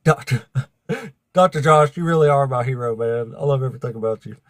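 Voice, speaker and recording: Hosting a livestream of debates, a man with a mid-range voice talks fairly quickly and casually to his chat. He swears freely and laughs often, and the audio has no echo.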